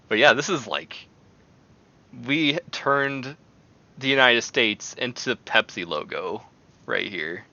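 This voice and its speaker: A man streaming and chatting casually, in an animated, rambling way that often breaks into exclamations. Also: medium pitch, slow, long pauses, lo-fi sound.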